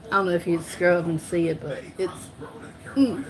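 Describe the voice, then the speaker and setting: A woman's voice: fairly low pitch, normal speed, a little mellow. Southern-voiced woman from hosting her live chat; loose, giggly, talks her way through her own mix-ups. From North Carolina. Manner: rambling, laughs often, self-correcting. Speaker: livestream host. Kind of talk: casual live-stream chat.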